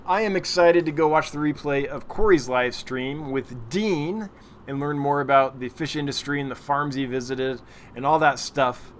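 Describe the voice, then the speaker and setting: A man's voice: medium pitch, normal speed, a little hiss or hum. A man hosting a weekly livestream, chatting casually as he answers viewer questions and laughs at his own slips. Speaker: livestream host.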